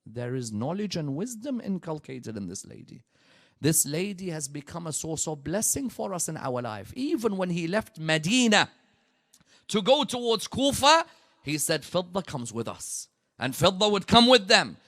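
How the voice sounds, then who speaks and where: Animated, dramatic male preacher. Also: sits high, moderate pace. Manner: dramatic storytelling, swings from hushed to loud. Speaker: preacher at a religious gathering. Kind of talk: sermon.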